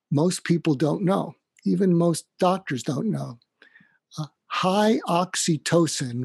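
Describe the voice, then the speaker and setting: A man's voice: fairly high pitch, darkish tone, breathy edge, dry recording. A man, a doctor and author, speaking earnestly in an interview, often stumbling and restarting. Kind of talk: casual interview talk.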